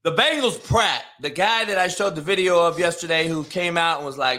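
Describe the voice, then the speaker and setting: A man giving a heated, profane sports rant, repeating himself and now and then breaking into shouts. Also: fairly high pitch, a little fast, hardly any pauses. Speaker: sports commentator.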